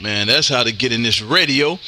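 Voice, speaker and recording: A man from Texas, a ham radio operator streaming live, talking loud and energetic as he makes contacts and calls "man" after almost every phrase. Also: medium pitch, moderate pace, very noisy. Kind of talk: on-air radio contacts and chat. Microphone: close studio mic with headphones.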